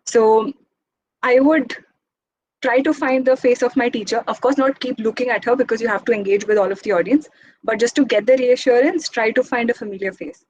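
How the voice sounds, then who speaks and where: A young woman giving an informal talk as guest speaker, speaking quickly in a chatty, encouraging way. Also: on the high side, darkish tone, dull audio, slight background noise. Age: young adult.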